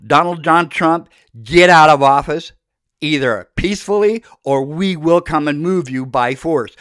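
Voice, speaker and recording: A man's voice: a little high, normal speed, clean tone, no echo, clean studio sound. An older man delivering an impassioned, accusatory political monologue as a podcast host, with fiery outbursts. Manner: fiery, accusatory, shouting into speeches.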